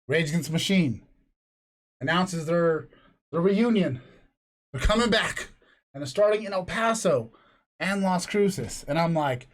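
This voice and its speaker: A middle-aged man hosts a casual podcast from a room at home, telling rambling, profane stories. His voice sits a little high for a man. He talks from a separate room from his co-host. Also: lively intonation, normal speed, long pauses.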